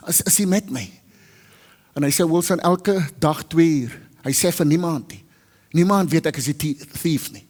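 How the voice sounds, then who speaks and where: Casting: South African male preacher, a little high-voiced, storytelling sermon, big hall echo. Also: moderate pace. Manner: switches between Afrikaans and English, acts out dialogue loudly. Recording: long hall reverb.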